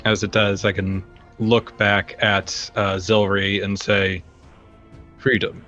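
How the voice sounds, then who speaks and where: A man describing his character's spell in a halting way, full of fillers. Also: on the low side, flat delivery, pushed and bright, highs cut off, soft background music. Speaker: player. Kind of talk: tabletop role-play.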